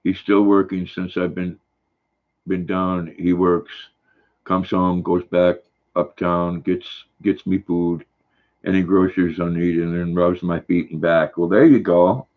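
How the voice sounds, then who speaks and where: Folksy older man, low voice, lo-fi. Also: monotone. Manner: folksy, rambling, drawn-out. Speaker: livestream host. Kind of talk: casual chat reading viewer comments. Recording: dull lo-fi recording.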